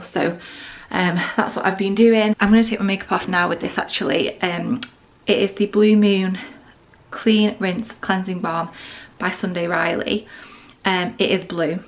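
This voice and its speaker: A woman's voice: on the low side, steady tone, normal speed. A young woman chatting casually in a vlog, a bit out of breath and rambling with many fillers. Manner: rambling, full of fillers and restarts. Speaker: vlogger. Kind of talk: casual skincare vlog chat.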